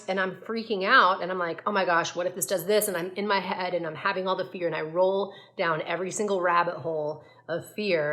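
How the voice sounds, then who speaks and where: A woman's voice: on the low side, bright, forceful tone. A woman gut health coach talking to camera in a casual, earnest, reflective way, with frequent fillers and restarts.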